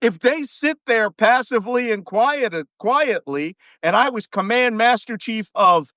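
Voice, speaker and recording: A man's voice: extremely high pitch, animated, measured pace, sharp tone, no echo. Brief: ex-navy man, guest commentator, emphatic and foul-mouthed, dry sound. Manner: profane, ranting, emphatic. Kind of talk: heated talk-show commentary.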